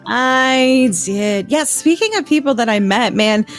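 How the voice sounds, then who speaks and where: Woman, podcast host, stuffed-up nose, tired, chatty, self-deprecating humor, fairly high voice. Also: lively intonation, a little slow, soft background music. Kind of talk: casual podcast chat.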